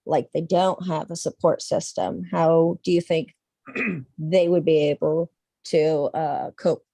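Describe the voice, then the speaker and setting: Slow, hesitant gravelly-voiced woman. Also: fairly low pitch, darkish tone, no echo. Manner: hesitant, halting, many fillers. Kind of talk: casual chat.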